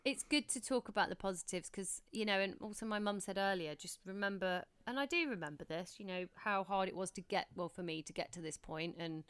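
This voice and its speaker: A woman's voice: mid-range voice, brisk, few pauses, fairly bright tone, clean tone, dry recording. A woman in her thirties, a podcast co-host, chatting casually and reflectively about motherhood. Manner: chatty, reflective, many restarts. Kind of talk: casual chat.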